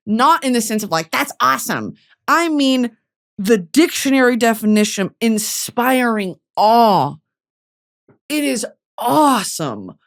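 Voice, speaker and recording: A woman's voice: on the high side, a little slow. A young woman hosting a podcast, talking casually and animatedly, cursing often and getting emotional. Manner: animated, swears a lot, turns tearful and emotional. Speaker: podcast host.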